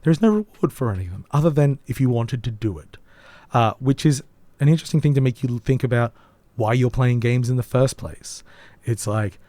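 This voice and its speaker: A hoarse man, co-hosting a podcast and reviewing a game in casual, rambling chat with many ums. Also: mid-range voice, fairly quick, mellow, no room sound. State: hoarse, voice nearly gone. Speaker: podcast co-host.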